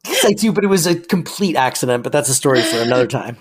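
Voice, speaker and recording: A young man co-hosting a podcast, chatting casually and acting out lines from an episode in quick, lively bursts. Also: medium pitch, slightly rough. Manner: animated, acts out quotes in quick bursts. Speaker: podcast co-host. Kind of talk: casual chat recapping a sitcom episode.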